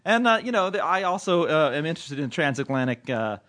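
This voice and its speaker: Man, podcast host, casual banter, halting, joking. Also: a little high, big pitch swings, a bit bright, no echo. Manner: joking, halting, self-interrupting.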